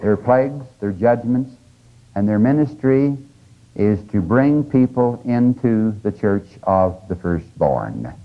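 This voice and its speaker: A man's voice: lowish voice, lively intonation, takes it slowly. An older man giving a conversational, emphatic religious lecture, with teaching asides to his audience. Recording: dull lo-fi lecture tape.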